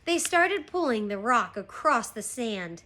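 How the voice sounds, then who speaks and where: A woman teacher reading a chapter book aloud to her class, slow and expressive. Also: a little high. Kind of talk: storybook read-aloud.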